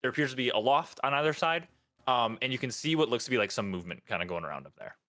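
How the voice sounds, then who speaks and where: Halting, bright-voiced male dungeon master. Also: medium pitch, animated. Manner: halting, many ums, loose and unhurried. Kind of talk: describing scenes for a tabletop game.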